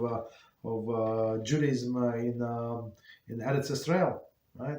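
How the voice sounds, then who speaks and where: Man teaching, halting, in an echoey room. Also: medium pitch, fairly even intonation, mellow, a little hiss or hum. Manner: halting, many fillers and restarts. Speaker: rabbi teaching a class. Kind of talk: informal Torah class.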